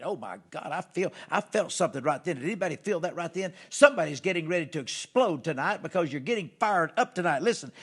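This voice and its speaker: A man preaching success to a live audience in a fired-up, emphatic style, repeating his points and rising to loud exhortations. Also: sits high, slightly rough. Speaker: motivational speaker hosting a live broadcast. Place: theater or studio.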